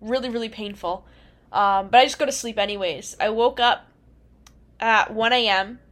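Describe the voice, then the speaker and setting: A woman's voice: fairly high pitch, fairly even intonation, moderate pace, a bit bright. A young woman co-hosting a casual chat podcast, telling a story in a rambling way and laughing often. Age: young adult. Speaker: podcast co-host.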